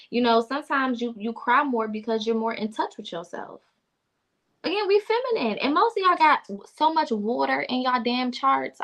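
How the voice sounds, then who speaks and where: A woman with a fairly high voice lectures her listeners with emphatic, preachy conviction. She is blunt and unafraid to swear, punching her key points home in a casual spiritual chat. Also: a bit bright. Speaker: podcast co-host.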